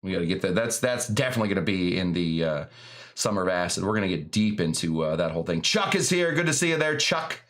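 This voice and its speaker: A man's voice: sits low, lively intonation, quick pace, a bit bright. A man hosting a live cocktail stream, chatting in a rambling, jokey way full of fillers. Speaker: host of a live cocktail show.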